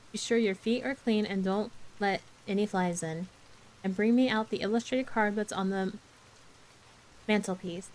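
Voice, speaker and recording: A woman puts on a strict older spinster in a soft ASMR bedtime storybook reading. The voice is curt and disapproving, clipped and a shade lower. Pitch sits in the middle of a woman's range. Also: lightly acted, rough recording.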